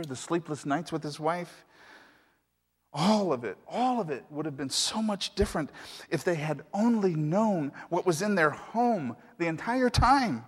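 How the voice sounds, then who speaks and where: A man pastor preaching a sermon, telling a story in a conversational way with asides to the congregation. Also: medium pitch. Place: church sanctuary. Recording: echoey hall reverb.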